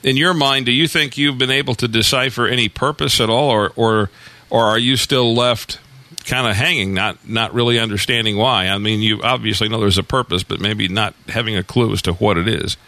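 A man hosting a radio interview, asking animated, incredulous questions. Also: on the low side, brisk, no echo. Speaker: radio host.

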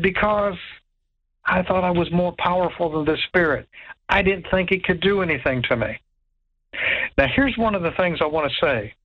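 A man telling a ghost story in an animated way, stammering, repeating words and acting out what others said. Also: fairly high pitch, lo-fi sound. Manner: stammers and repeats words, acts out quoted voices. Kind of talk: animated spoken anecdote.

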